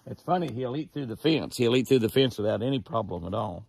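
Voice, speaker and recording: A man's voice: mid-range voice, lively intonation, fast talker, gravelly, few pauses, darkish tone, breathy edge. A man narrating casually outdoors while feeding deer, folksy and coaxing them closer in a sing-song call. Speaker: ranch owner and show host.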